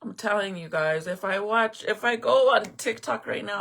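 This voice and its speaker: A woman's voice: medium pitch, moderate pace, vocal fry, a bit bright. A woman in her thirties chatting casually on a livestream to her viewers, emotional and close to tears. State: tearful. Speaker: livestream host.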